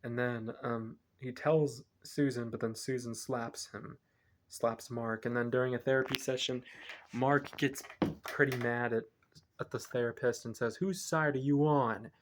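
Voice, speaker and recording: A man's voice: medium pitch, flat delivery, a little slow, slight background noise. A man reviewing a film, retelling its plot casually in a rambling way and often correcting himself. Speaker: movie reviewer.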